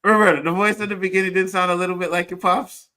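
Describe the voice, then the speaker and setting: A man's voice: high-pitched, flat delivery, fast talker, bright, forceful tone. A man hosting an online panel show, chatting loosely, laughing and cursing, and greeting viewers. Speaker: show host. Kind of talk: casual panel chat.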